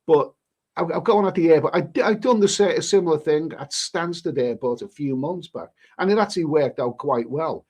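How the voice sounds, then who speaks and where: A middle-aged man with a British accent chats loosely through viewer messages on a livestream. His voice sits a little high, and he rambles, restarts and swears mildly as he goes. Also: moderate pace, a little mellow, slightly rough. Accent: British English. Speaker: travel vlogger hosting a livestream. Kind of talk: casual livestream chat reading viewer messages.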